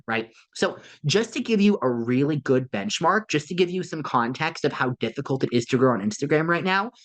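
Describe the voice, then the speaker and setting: A man working as a marketing consultant, giving a live webinar presentation in a lively, conversational coaching tone that often checks in with "right?". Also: mid-range voice. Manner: coaching tone with frequent "right?" tag questions.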